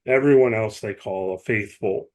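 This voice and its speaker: A man's voice: lowish voice, normal speed. Chatty man explaining at length. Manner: chatty, explains at length with many asides and restarts. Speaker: podcast co-host. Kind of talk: casual chat.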